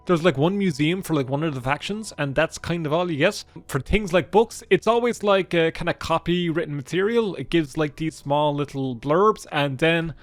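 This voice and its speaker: A man giving casual, irreverent commentary over gameplay, chatty and swearing a lot. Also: fairly high pitch. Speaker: gaming video host.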